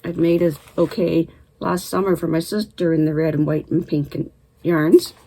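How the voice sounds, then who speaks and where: This knitting vlogger, at home in Canada, has a low, mellow voice with a steady tone and normal speed. She chats in a friendly manner, slightly winded after illness, with the odd cough and throat clear, on a rough recording.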